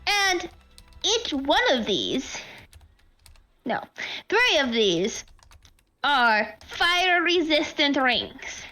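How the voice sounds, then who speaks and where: A man's voice: very high voice, sing-song, drawn-out words, long pauses, pushed and bright, soft background music, pitched above the performer's own voice, full character voice. A woman voicing a male goblin fire performer who announces everything like a grand stage host. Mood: showman bluster. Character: showy male goblin fire-juggling showman.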